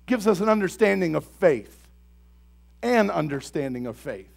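A young man preaching a sermon as pastor, talking to the congregation and asking them questions, then building to loud, emphatic bursts. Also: sits high, expressive, normal speed, creaky. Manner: conversational, asks the congregation questions.

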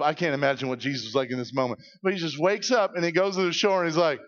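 Man preaching a lively sermon. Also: fairly high pitch, fast talker, hardly any pauses, highs cut off. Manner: animated storytelling, acting out voices. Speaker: pastor. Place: church.

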